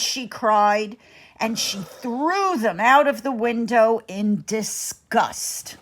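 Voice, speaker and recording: A woman reading a bedtime story aloud in an expressive, dramatic way. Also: a little high, slow.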